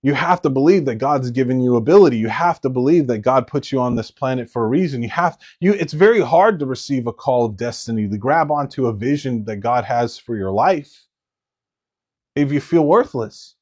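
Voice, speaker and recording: A male pastor delivering a sermon at an ordinary, mid-range pitch. He talks in a blunt, conversational way and does not shy away from coarse words. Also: lively intonation, a little fast, darkish tone.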